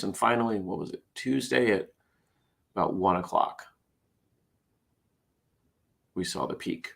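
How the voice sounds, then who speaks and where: A man with a low, gravelly voice talks casually and sounds tired. He reads jokes aloud with a wry, self-deprecating manner. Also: moderate pace, fairly bright tone. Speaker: host. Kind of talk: casual morning chat, reading jokes.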